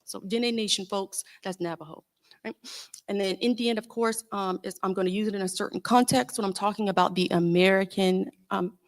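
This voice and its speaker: A woman with a Southern US accent speaking as a panelist and educator at a symposium, pausing often with fillers. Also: medium pitch, steady tone. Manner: halting, heavy with um and uh fillers.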